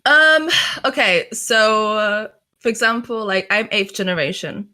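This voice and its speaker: Chatty bright-voiced young woman. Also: mid-range voice, a little slow. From England. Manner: chatty and candid, laughs often, swears freely. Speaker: interview guest, streamer. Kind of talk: casual chat.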